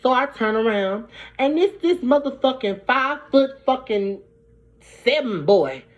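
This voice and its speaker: Animated New woman telling a story. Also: sits high, measured pace. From Brooklyn, New York. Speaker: vlogger. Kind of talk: storytime vlog. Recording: dull lo-fi recording.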